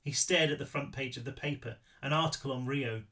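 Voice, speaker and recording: A man reading his own novel aloud, animated, with big swings in pitch. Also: fairly quick, hardly any pauses. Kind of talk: audiobook-style read-through.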